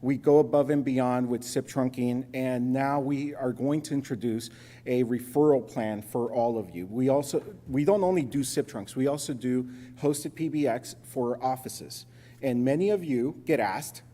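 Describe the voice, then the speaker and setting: A man from Los Angeles presenting at a conference, telling a joking story in an animated way. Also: medium pitch, normal speed. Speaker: sponsor presenter. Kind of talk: conference talk with anecdote. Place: conference hall. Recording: reverberant conference hall.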